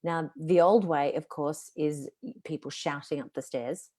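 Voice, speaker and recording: Low-voiced woman talking confidently. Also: a little slow, mellow. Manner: confident, emphatic, demonstrating tone of voice. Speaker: guest, voice and communication coach. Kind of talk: casual live video chat.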